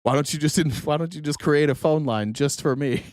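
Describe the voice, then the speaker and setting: A man's voice: a little high, a little mellow, no room sound, clean studio sound. Sarcastic man hosting a talk show. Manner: sarcastic, profane, quick asides. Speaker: host. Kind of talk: casual political commentary show.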